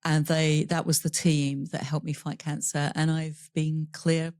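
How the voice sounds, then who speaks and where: With a low, level, darkish voice, a woman speaks at a measured pace in studio-quality, echo-free audio. On a podcast interview she candidly relates a personal story, laughing through painful memories and performing others' voices when quoting them.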